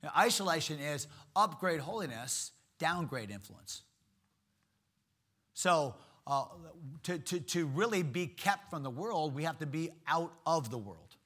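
A male preacher with a high voice delivers a sermon, driving each point home by repeating key words. His tone is sharp and forceful, and he keeps asking the listeners questions. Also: expressive, measured pace.

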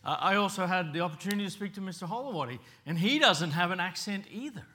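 A man's voice: high voice, lively intonation, fast talker, bright, forceful tone. A middle-aged man who grew up in Papua New Guinea, preaching a storytelling sermon in a conversational way and putting questions to the congregation.

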